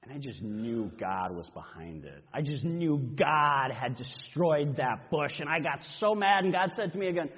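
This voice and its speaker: A male pastor delivering a first-person dramatic sermon, telling the story in an expressive, animated way. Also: a little high, moderate pace, hardly any pauses, slightly rough. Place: church sanctuary. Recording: dull reverberant church recording.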